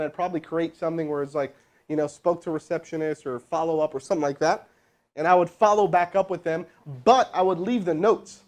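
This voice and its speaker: Energetic man running a sales lesson. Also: sits high. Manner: energetic, joking, talks to chat. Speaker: sales trainer. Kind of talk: live teaching session with role-played calls.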